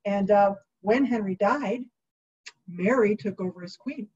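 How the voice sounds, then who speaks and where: A woman's voice: mid-range voice, unhurried, darkish tone, husky. A woman hosting her own show, casually telling a drink's history with jokey asides and quoted voices. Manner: breezy, jokey, lots of fillers and quoted asides. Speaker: host. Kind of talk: casual chatty history storytelling. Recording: slightly dull lo-fi sound.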